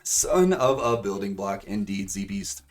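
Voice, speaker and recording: A man casually commentating computer-controlled fighting game matches for viewers, rambling with fillers and bursting into excitement at big moves. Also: on the low side, a little slow, distant mic, faint music behind. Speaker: streamer commentating AI fight bracket.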